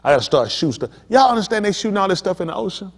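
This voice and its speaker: A man's voice: high voice, big pitch swings, rapid-fire. A male pastor preaching a sermon, talking straight to the congregation with emphatic, pressing questions. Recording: long hall reverb.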